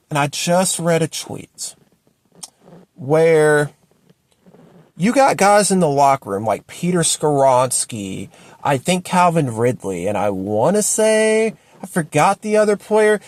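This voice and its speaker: A man ranting at home about his football team, exasperated and repeating himself. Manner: exasperated, repetitive ranting with sharp swings up and down in pitch. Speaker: sports fan commentator. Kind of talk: ranting sports opinion video.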